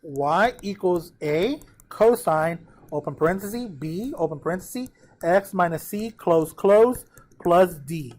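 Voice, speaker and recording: A man's voice: high-pitched, expressive, a little slow, a little mellow. A man teaching a math lesson, working through a graph step by step, counting aloud and addressing his students directly.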